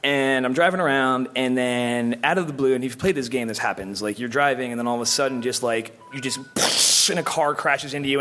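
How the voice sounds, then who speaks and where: A man telling a long comic story on stage at a live podcast recording, animated and swearing, acting out shouts from the story. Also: medium pitch. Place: convention theater before a live audience. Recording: live stage mic with faint noise.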